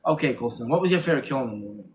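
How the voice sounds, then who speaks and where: A man reviewing a horror film in casual chat, retelling the plot excitedly with many restarts and corrections. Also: mid-range voice, very fast, slight background noise.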